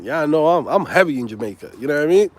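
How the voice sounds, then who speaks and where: A man's voice: fairly high pitch, animated, fast talker. A man from New York with a New York accent, chatting casually on a livestream, slangy and laughing often. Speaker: host.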